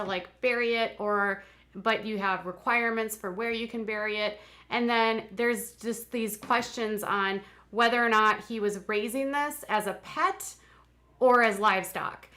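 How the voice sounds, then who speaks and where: A woman's voice: medium pitch, bright, forceful tone. A woman hosting a live-streamed commentary show, talking in a chatty way with exasperated asides. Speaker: commentary channel host.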